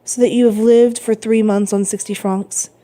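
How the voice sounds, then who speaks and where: A woman's voice: mid-range voice, steady tone, normal speed, warm tone, lightly acted. A woman voicing an earnest young male sailor who is a devoted son, speaking eagerly in a storybook reading.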